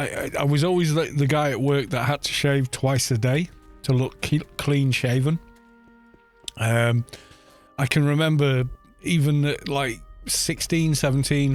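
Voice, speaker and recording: A middle-aged man with a Welsh accent, chatting and joking with his viewers while streaming a game, often stumbling over his words. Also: mid-range voice. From Wales. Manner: chatty, jokey, answers chat with stumbles and laughs. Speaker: gaming streamer.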